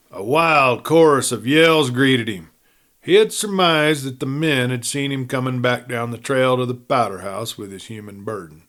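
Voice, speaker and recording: A man narrating a western novel at a measured, even pace as host of a storytelling series. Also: mid-range voice. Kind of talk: audiobook-style reading aloud.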